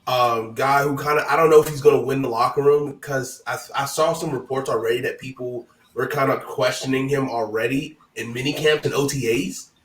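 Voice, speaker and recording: A man hosting a casual sports talk stream, his voice hoarse, talking in a loose, hyped-up, chatty way. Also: medium pitch, steady tone, fairly quick, few pauses, echoey room, far from the mic, poor audio. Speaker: host.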